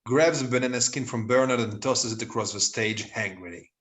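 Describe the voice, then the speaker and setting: A man reads out the stage directions in a plain, amused manner. His voice sits at a middle pitch. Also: fairly quick, fairly bright tone. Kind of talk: reading stage directions aloud.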